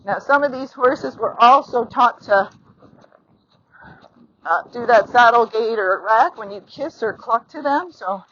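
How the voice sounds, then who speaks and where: A woman's voice: on the high side, measured pace, a bit bright. Chatty woman teaching from horseback. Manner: chatty and encouraging, acts out horse and rider thoughts. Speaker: horse riding instructor. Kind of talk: instructional riding lesson, talking while riding. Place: outdoors on horseback. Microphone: phone mounted on the rider. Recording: slightly dull lo-fi sound.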